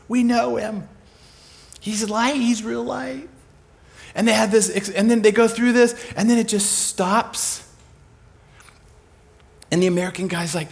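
Animated storytelling male preacher. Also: high voice, normal speed, gravelly. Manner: animated, acts out voices in his stories, swings from hushed to loud. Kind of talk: sermon storytelling.

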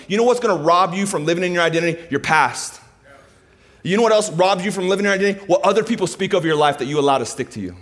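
A man preaching a sermon, swinging between soft, intimate passages and loud, high-pitched emphasis. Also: expressive, rapid-fire.

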